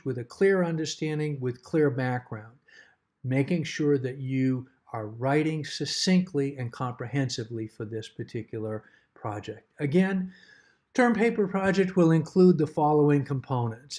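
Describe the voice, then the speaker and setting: A middle-aged man explaining a course assignment in a measured, emphatic way, repeating key words to stress them. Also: mid-range voice, darkish tone. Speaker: course instructor. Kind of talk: recorded course assignment overview.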